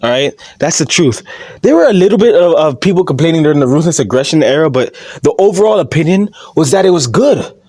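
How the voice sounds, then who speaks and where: A man's voice: a little high, very animated, fast talker, mellow, no echo, clean studio sound. A man ranting in a vlog monologue, mocking and swearing, laughing at his own jokes and often asking "all right?". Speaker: wrestling commentary YouTuber.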